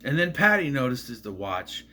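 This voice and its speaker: A man's voice: mid-range voice, sing-song, moderate pace, bright, forceful tone. A man casually recapping a movie in a rambling, musing way, often admitting he is unsure. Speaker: movie reviewer.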